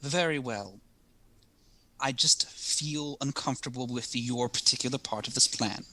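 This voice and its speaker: A man's voice: mid-range voice, measured pace, pushed and bright, no echo. A man playing a worried middle-aged mother in a tabletop game, pressing her husband with insistent questions. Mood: concerned.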